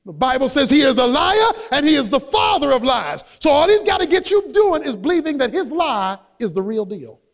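A man preaching a sermon as a pastor, emphatic and rising to shouts on key points. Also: extremely high pitch, very animated, moderate pace, few pauses, big-room sound. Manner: acts out quoted voices in his own voice.

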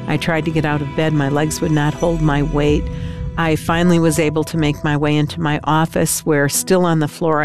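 An older woman giving an emotional personal testimony as an interviewed mother, telling her story in an intense, tearful way. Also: low-pitched.

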